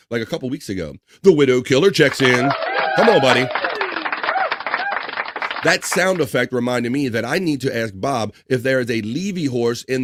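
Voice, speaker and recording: A man's voice: medium pitch, no echo, clean studio sound. Chatty man hosting a live stream. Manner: chatty, laughs often, reads chat names aloud. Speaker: livestream talk show host. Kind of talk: casual chat reading viewer comments.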